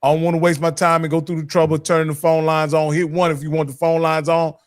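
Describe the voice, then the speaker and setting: Easygoing sports show host, dry sound. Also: male voice, a little high, little pitch movement, fast talker, no room sound. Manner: easygoing, addresses viewers directly. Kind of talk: casual sports talk hosting.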